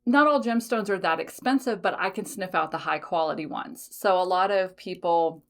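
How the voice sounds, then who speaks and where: A podcast host with a lowish, slightly bright voice talks at a moderate pace in a casual solo chat. She laughs often, swears a little, and keeps correcting herself, with plenty of fillers along the way.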